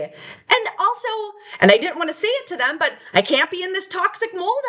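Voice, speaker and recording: A woman's voice: very high voice, big pitch swings, moderate pace, sharp tone. A woman giving a raw, unscripted personal testimony, emotional and candid, rambling with laughs and the odd swear word. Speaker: vlogger sharing her life story.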